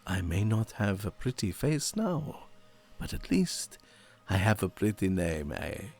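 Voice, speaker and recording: A man voicing a 106-year-old woman with a slightly foreign accent, who is commanding, soft-spoken and measured. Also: lowish voice, sing-song, full character voice.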